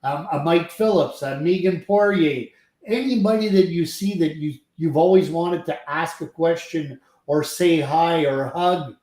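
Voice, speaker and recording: Chatty canadian guy, kinda high voice, laughs a lot, echoey room sound. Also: measured pace, darkish tone. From French Canada. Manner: friendly, talkative, laughs easily. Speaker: guest, company president. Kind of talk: casual chat.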